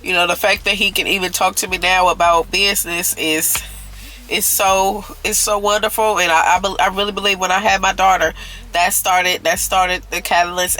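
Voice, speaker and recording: Woman vlogger, bright edgy voice, heartfelt storytime confession, talks straight to her viewers. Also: fairly low pitch, low-quality recording. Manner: earnest, repeats herself, keeps addressing viewers as y'all.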